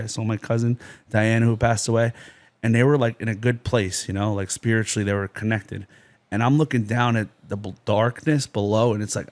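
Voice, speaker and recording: A man from New Jersey, a podcast guest, telling his life story in an intense, rambling way, full of "you know" and "like". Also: lowish voice. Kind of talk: personal testimony in a podcast interview.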